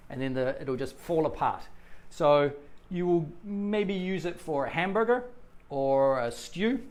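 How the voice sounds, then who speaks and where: A man in his forties from New Zealand, with a New Zealand accent, giving a casual livestreamed English lesson and reading out viewer comments. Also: on the high side. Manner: chatty, reads out viewer comments. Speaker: English teacher.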